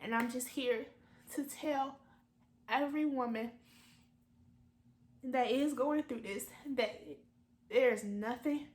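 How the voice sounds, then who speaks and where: A woman in her twenties talking candidly in a personal vlog, halting and filler-heavy, fighting back tears. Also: a little high, darkish tone, echoey room. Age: 20s. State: close to tears. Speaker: vlogger.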